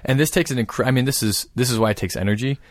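A man calmly explaining a prayer practice in casual conversation. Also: medium pitch, racing, no room sound, studio quality. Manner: thoughtful, explanatory, steady.

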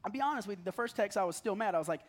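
A man in his thirties, a pastor, gives a conversational sermon at a very fast clip. His high voice is animated, and he tells stories, jokes at his own expense, and laughs a lot.

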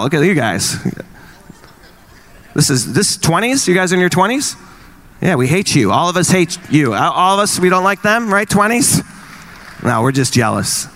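A married man in his forties doing stand-up comedy, teasing the crowd and acting out quick exchanges in wry bits. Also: mid-range voice, a bit bright. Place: live venue with an audience.

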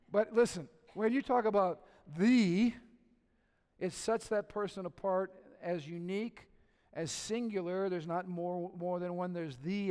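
A middle-aged male pastor delivers a conversational sermon in a slightly high voice, asking the congregation questions and mixing in humor. He moves between hushed, intimate stretches and loud, emphatic peaks. His voice carries a long reverb from a church sanctuary. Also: smooth.

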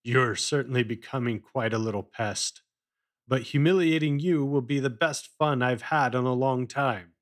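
Man voicing a boastful veteran acrobat, gruff, growling, mocking, storybook reading. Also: medium pitch, moderate pace, lightly acted.

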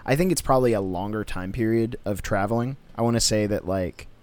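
A man in casual chat, thinking aloud in a laid-back way as he pitches story ideas. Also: fairly quick, a little mellow.

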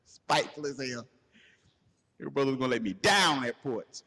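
Male co-host, husky, animated storyteller, slight reverb on the track. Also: mid-range voice, moderate pace. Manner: animated, laughing, profane storyteller acting out quotes. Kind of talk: casual storytelling chat.

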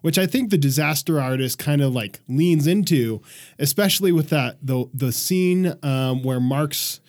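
Relaxed young man co-hosting a podcast. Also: fairly high pitch, a little slow. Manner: relaxed, hesitant with fillers. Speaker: podcast co-host. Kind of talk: casual podcast chat.

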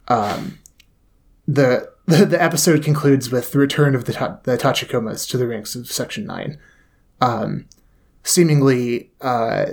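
A man co-hosting a podcast in casual chat, laid-back and hesitant, with many ums and uhs. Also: medium pitch. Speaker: podcast co-host.

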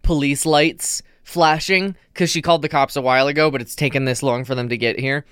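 Smooth-voiced man retelling a film. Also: mid-range voice, a little fast, no room sound. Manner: animated storyteller, many fillers. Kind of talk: casual chat.

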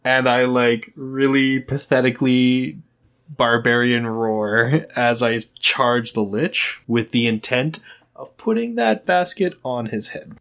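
A man takes his turn in a tabletop game, describing his character's moves in a sheepish, chuckling way. His voice sits at an ordinary middle pitch for a man. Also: slow pace, creaky, a bit bright. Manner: sheepish, laughing, describes actions at length. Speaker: player.

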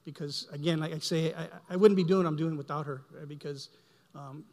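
A middle-aged man giving a heartfelt, halting church testimony, often repeating words as he speaks. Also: fairly high pitch, fairly even intonation, a little mellow. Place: church sanctuary. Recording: long hall reverb.

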